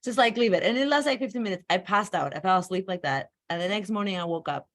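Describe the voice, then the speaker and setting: A woman's voice: medium pitch, fast. Candid woman recounting family strife. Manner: candid, animated storytelling with many fillers. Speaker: coaching client. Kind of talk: emotional personal account.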